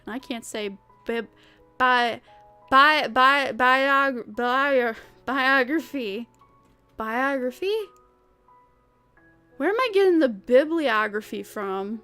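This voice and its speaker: A woman's voice: sits high, takes it slowly, bright, forceful tone, soft background music. A young woman chatting casually while streaming a game, rambling, stumbling over words and laughing often. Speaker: streamer playing a cleaning game. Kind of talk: casual livestream chat while gaming.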